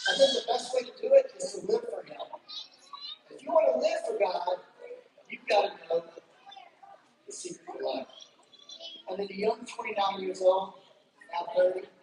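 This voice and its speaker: A woman giving a playful, joking children's church talk with gospel magic tricks, chatting with the congregation. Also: medium pitch. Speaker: guest speaker doing gospel magic tricks. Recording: echoey hall from far off, background noise.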